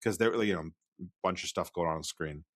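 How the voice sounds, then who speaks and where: Deep voiced guy, laid back podcast cohost, kinda trails off, dry sound. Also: a little fast, no echo. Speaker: podcast co-host. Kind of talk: casual chat.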